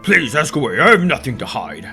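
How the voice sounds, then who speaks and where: A man's voice: medium pitch, very animated, a little fast, vocal fry, pushed and bright, soft background music, full character voice. A man voicing a creepy, overly courteous aristocratic male bird baron. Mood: polite. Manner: courteous, oily, faux-French address. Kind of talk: let's play character voicing.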